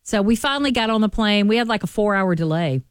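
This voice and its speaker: A woman's voice: mid-range voice, fast talker, smooth, no room sound, studio quality. A woman with a Southern accent, a radio morning show host telling a travel story in casual chat. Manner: chatty storyteller, animated.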